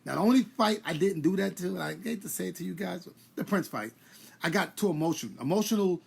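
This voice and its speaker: Gravelly New man chatting live. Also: sits high, fast talker. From New York. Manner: animated, rambling, greets viewers by name. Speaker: former boxer hosting a live stream. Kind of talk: casual live-stream chat.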